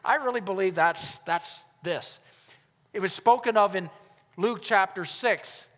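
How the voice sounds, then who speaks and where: A man's voice: high voice, measured pace. Emphatic male pastor preaching in a reverberant hall. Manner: emphatic preaching that swings between loud and hushed. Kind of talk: sermon. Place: church hall. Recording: long reverb of a church hall.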